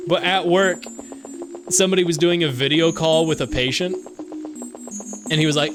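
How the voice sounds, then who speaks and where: A man's voice: on the high side, normal speed, long pauses, background noise. A man streaming a video game, rambling and swearing as he chats with viewers. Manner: rambling, profane, joking with chat. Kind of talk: casual gameplay commentary. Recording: game music loud behind voice. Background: game music.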